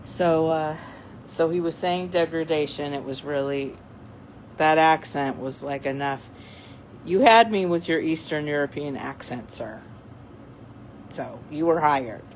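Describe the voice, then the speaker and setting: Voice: medium pitch, a little slow, a little hiss or hum, low-quality recording. A speaker giving a casual, rambling update full of fillers and restarts while playing with cats using a laser pointer. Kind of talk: casual chat.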